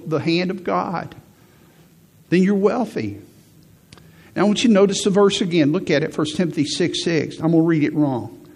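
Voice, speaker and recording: A man's voice: on the high side, creaky, slightly rough. A middle-aged man preaching a sermon as pastor, emphatic, repeating key phrases and lifting his voice to stress a point.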